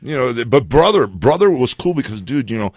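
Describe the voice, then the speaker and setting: A man's voice: mid-range voice, big pitch swings, brisk, darkish tone, dry recording. An older man, a guest in a casual interview, telling rambling stories full of "you know" and restarts.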